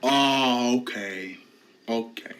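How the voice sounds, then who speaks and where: A man voicing a smug male officer and teacher who taunts in a low, slow, mocking drawl. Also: a bit bright, poor audio. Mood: smug, taunting.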